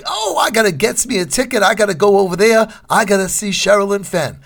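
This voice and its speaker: Theatrical voodoo priest, put on by a man, high and excited. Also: a little fast, gravelly, exaggerated voice.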